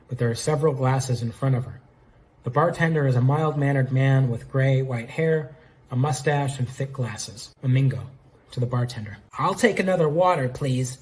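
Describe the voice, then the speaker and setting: A man reading his own script aloud, calmly voicing the stage directions. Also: mid-range voice, slight background noise. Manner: reads stage directions plainly, with asides. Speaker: fan script writer and reader.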